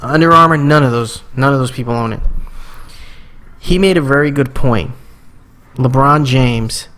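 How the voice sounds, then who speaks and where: A young man co-hosting a podcast, telling stories in loose casual chat, swearing freely and jumping up into high voices for imitations. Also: normal speed, a bit bright. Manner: loose storytelling, swears a lot, jumps into high-pitched imitations. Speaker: podcast co-host.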